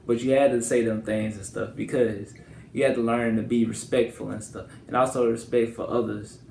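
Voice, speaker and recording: A man's voice: medium pitch, flat delivery, normal speed, vocal fry, a little mellow, reverberant, a little hiss or hum. A young man from Louisiana with a country accent, telling stories to camera in a loose, rambling way. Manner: loose, rambling, repeats "and stuff". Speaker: vlogger. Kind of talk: casual storytelling to camera.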